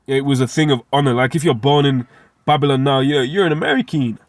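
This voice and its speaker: A man's voice: mid-range voice, animated, fast talker, no echo. A man teaching scripture informally, asking rhetorical questions and dropping street slang. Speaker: Bible teacher.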